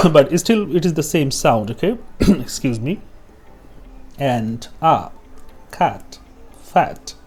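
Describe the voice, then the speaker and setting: A man's voice: fairly high pitch, big pitch swings, a bit bright, husky. A man teaching English pronunciation, saying example words twice, checking in with "okay?", and stopping now and then to cough. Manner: slow, repeats example words, tags "okay?" often. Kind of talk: pronunciation lesson.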